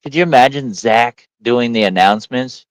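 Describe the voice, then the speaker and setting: A military veteran chatting casually with friends, laughing and repeating himself. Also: male voice, medium pitch, normal speed, no echo, low-quality recording. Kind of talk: casual chat.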